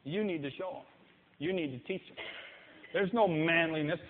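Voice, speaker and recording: A man's voice: on the high side, moderate pace, slight background noise. A man preaching a sermon with passion, acting out the people he quotes. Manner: impassioned, mimics people in quoted voices. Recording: echoey hall, tinny phone-like sound.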